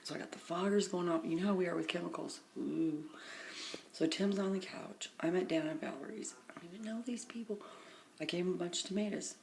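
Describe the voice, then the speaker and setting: A tired middle-aged woman vlogging from her phone, telling a long, rambling everyday story and often dropping into a hushed half-whisper. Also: lowish voice, brisk, creaky. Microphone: phone camera.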